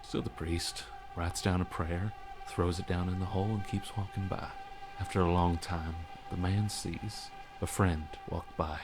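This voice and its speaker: A man voicing a steady, gruff man who calms a friend by telling him a story. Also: low-pitched, slight background noise, natural voice. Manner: firm then gently storytelling.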